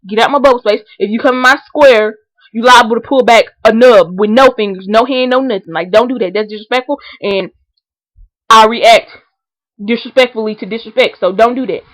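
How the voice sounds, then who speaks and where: A woman vlogging a comedic rant, animated and indignant. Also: on the high side, moderate pace, no room sound, poor audio. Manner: animated, indignant, acts out scenarios in voices.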